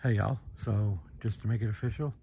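A man's voice: on the low side, fairly even intonation, brisk, vocal fry, mellow, a little hiss or hum. Breathless chatty man hiking a trail. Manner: chatty, upbeat, talks to viewers directly. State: out of breath from climbing. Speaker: hiker filming a trail vlog. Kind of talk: casual vlog narration. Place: outdoors on a forested mountain trail.

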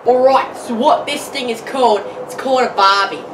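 A woman with an Australian accent doing a jokey, slang-heavy comedy how-to vlog with excitable exclamations, outdoors in a backyard. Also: on the high side, moderate pace, hardly any pauses, a little hiss or hum. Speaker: comedy vlogger. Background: sizzling food on a grill.

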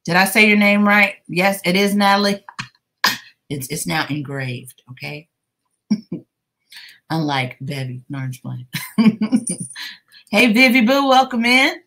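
A woman's voice: mid-range voice, lively intonation, slow pace, long pauses, a bit bright. A woman hosting a casual craft livestream while crocheting. She greets her viewers one by one by name and teases them playfully. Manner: playful teasing with laughter. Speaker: livestream host.

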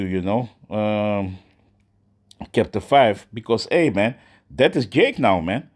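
A man's voice: mid-range voice, darkish tone. Man preaching casually, "man" after every line. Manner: ends nearly every phrase with "man", restarts often, reads verses slowly. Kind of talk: informal sermon with scripture reading.

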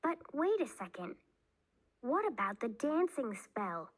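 A woman reading aloud, voicing a spirited, excitable young girl with high, squealing outbursts. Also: slow pace, exaggerated voice. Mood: lively.

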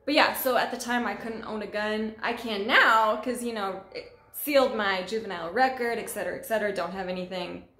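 A young woman telling a story in casual vlog style, animated and profane, acting out the voices of others. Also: mid-range voice, brisk, few pauses. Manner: animated, profane, acts out quoted dialogue. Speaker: vlogger. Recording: echoey room.

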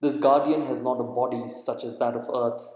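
Man, audiobook narration, deliberate, middle pitch, echoey room. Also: steady tone, a little mellow. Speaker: audiobook reader. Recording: echoey room with long reverb.

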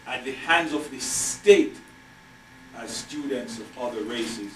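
An older man lecturing as a university professor, measured and emphatic, repeating his key phrases. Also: medium pitch, a bit bright, a little hiss or hum. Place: lecture hall. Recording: echoey lecture hall from far off.

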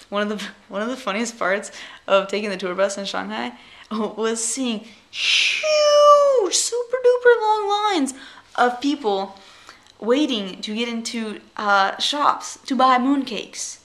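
A young woman who teaches English, chatting casually and rambling off track, breaking into excited squeals as she unwraps things. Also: medium pitch. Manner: rambling, easily distracted, giggly; gushing excited squeals when unwrapping gifts. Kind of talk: casual vlog chat.

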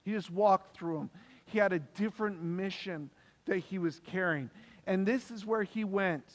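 A man's voice: high-pitched, moderate pace. A man preaching a sermon as pastor, emphatic and repeating key phrases for stress. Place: church hall. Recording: long reverb of a church hall.

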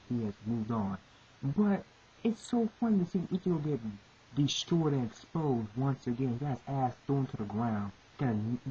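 A woman with a low, dark voice rants through exasperated commentary, swearing and circling back to the same complaints again and again. The recording is muffled and lo-fi, with a steady hiss underneath. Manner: profane, repetitive, exasperated ranting. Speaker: manga reviewer. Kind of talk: ranting commentary.

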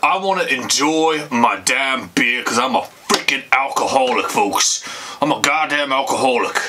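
A man's voice: medium pitch, expressive, moderate pace, background noise. A man giving a rambling, profane comic rant to camera, slurring and emotional like a drunk, calling his audience folks. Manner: rambling, profane, repeats "folks" and "you bastards". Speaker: comedy vlogger.

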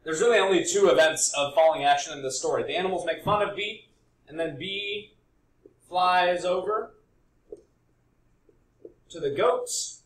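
A man's voice: sits high, a little slow, pauses often. Man teaching in an echoey room. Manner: explanatory, often adds "right?". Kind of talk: recorded classroom lesson.

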